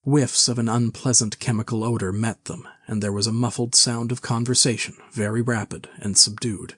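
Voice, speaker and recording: A man reading a classic novel aloud with measured, even storytelling. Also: medium pitch, no echo, studio quality. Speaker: narrator. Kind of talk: scripted narration of a classic novel.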